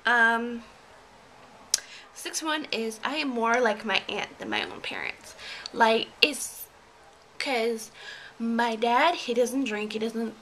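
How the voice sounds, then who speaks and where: A woman's voice: a little high, sing-song, takes it slowly, long pauses, a bit bright, slight background noise, low-quality recording. A young woman from Georgia chatting casually in a vlog, rambling with lots of fillers and little laughs. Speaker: beauty vlogger. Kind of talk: casual tag video chat.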